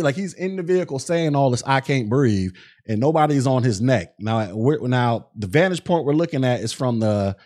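A medium-pitched, slightly mellow male voice belongs to a podcast host. He chats casually about events, with many fillers and quotes he acts out.

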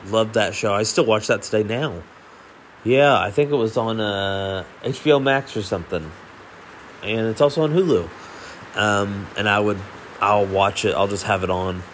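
A man's voice: on the low side, normal speed, slight background noise. A young adult man giving casual movie reaction commentary, rambling with lots of fillers and swearing. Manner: rambling, profane, full of fillers. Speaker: movie reviewer.

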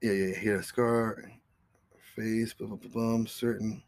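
A man's voice: fairly low pitch, little pitch movement, a little slow, a little mellow, no room sound. A man hosting his own podcast, telling a story in a rambling, profane, casual way. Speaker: podcast host.

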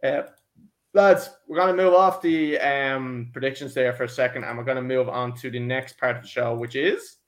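A man's voice: mid-range voice, steady tone, normal speed. A man hosting a casual football podcast, jokey and laddish, calling his co-hosts lads. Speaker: podcast host.

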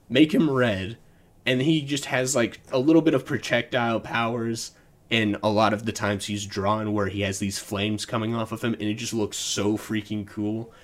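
A man hosting a solo podcast, reviewing a movie in a casual, rambling way, often restarting sentences and chuckling. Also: medium pitch. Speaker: podcast host. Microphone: desk mic.

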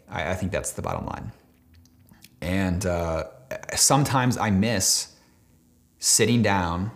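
A man of twenty-nine talking casually and emotionally to camera, rambling with many fillers and restarts, swearing now and then, choked up at times. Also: fairly low pitch. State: near tears, choked up at times. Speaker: vlogger. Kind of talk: casual heartfelt talk to camera.

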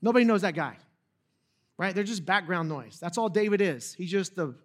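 High-voiced joking young preacher. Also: male voice, expressive, normal speed. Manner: casual, joking storyteller with asides to the audience. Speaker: pastor. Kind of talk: sermon.

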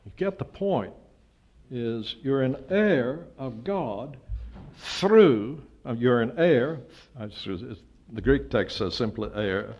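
An older man preaching a sermon, emphatic, with his voice rising to loud peaks when he stresses a point. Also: mid-range voice, lively intonation, slow pace. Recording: dull lo-fi sound.

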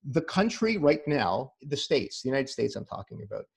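A man's voice: mid-range voice, very animated, normal speed, gravelly, a little mellow, husky. A man speaking as a therapist guest in a casual conversation over a video call. He often repeats words as he starts a sentence and lays his advice out in practical steps. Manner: explains in numbered practical steps.

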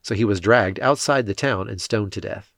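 Guy reading bible passages, low voice, steady and measured, dry close sound. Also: gravelly, dry recording. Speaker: scripture reader. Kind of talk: scripted narration.

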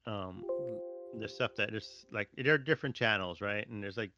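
A man's voice: fairly low pitch, normal speed, loud music behind the voice. A young man co-hosting a podcast, teasing his friend and laughing through casual stories. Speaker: podcast co-host. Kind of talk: casual chat. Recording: dull lo-fi dry sound.

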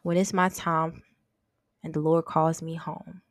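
A young woman hosts a casual faith podcast in a lowish voice, earnest and open as she confesses her thoughts. She circles back over her words as she talks. The sound is close and dry. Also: flat delivery, measured pace, dry recording. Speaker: podcast host.

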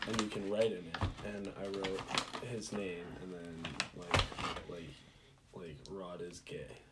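A man's voice: sits low, little pitch movement, measured pace, very noisy. A young man co-hosting a casual podcast, rambling with lots of fillers and restarts. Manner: rambling, hesitant, full of fillers. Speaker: podcast co-host. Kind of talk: casual chat.

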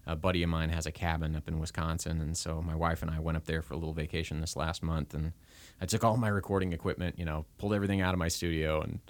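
Deep-voiced man, relaxed musician chat. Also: quick pace, no echo. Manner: chatty, self-deprecating, laughs often. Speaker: singer and musician. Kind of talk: casual chat.

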